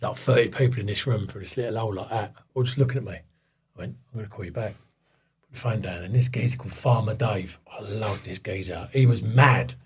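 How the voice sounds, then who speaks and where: Husky man telling a blunt story. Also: on the low side, fairly quick. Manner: swears freely, acts out quoted voices. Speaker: guest. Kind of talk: candid storytelling chat.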